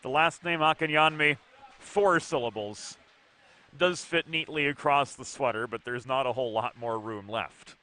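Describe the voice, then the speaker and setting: A man calling youth hockey play-by-play from an arena, brisk and precise with dry asides. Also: medium pitch, bright, forceful tone. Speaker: play-by-play commentator. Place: ice arena broadcast position.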